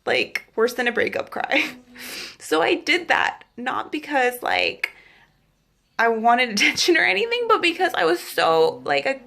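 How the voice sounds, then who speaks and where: A woman's voice: high voice, wildly swooping pitch, measured pace, vocal fry, pushed and bright. A young woman telling a personal faith testimony in a chatty vlog, full of "like" and acted-out quotes. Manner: chatty, fillers of "like", acts out quotes. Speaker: vlogger. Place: Los Angeles area.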